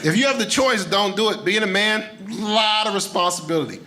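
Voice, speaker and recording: Man, stand-up comic, wry and mock-serious, high voice, loud noise over a live recording. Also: fairly quick. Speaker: stand-up comedian. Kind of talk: stand-up comedy set.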